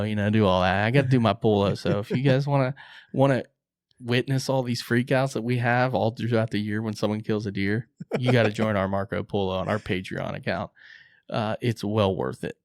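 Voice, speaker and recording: A man co-hosting a podcast, excitedly telling a hunting story, acting out his own quotes and swearing casually. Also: on the low side, dry recording, studio quality.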